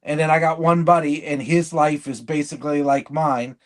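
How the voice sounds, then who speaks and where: A man with a slightly high voice talks in casual podcast chat. He is blunt and rambling, cutting himself off and restarting mid-sentence. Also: little pitch movement, normal speed. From living in Michigan. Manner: rambling, blunt, self-interrupting. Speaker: podcast co-host.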